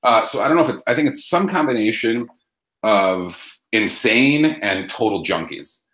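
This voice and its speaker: A man's voice: lowish voice, expressive, moderate pace, a bit bright. A young adult man hosting a casual radio talk show, cursing freely and rambling through his stories. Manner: profane, rambling. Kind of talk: casual chat. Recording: echoey room.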